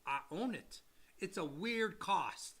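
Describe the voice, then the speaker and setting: A man co-hosting a podcast about loans, explaining in a blunt, animated way, with casual swearing and acted-out quotes of buyers and sellers. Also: high voice, slow pace, husky. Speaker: co-host and loan officer.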